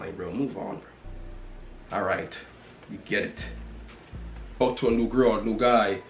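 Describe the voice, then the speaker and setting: A man in a casual rant to camera, talking bluntly and repetitively, swinging from loud exclamations to low mutters. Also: a little slow, long pauses, echoey room, soft background music. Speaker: vlogger.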